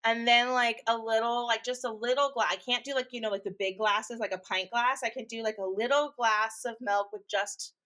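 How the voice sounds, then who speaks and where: A woman's voice: on the high side, fairly even intonation, fairly quick, hardly any pauses, sharp tone. Chatty young woman, rambling podcast banter. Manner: chatty, rambling, laughs often. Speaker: podcast co-host. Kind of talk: casual chat.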